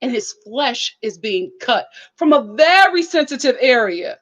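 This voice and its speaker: A woman talks straight to her viewers in a lively, preachy way while she reviews a reality show. Her voice sits a bit high, and she keeps the tone of a casual live chat. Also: a little slow. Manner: animated, preachy, addresses viewers directly.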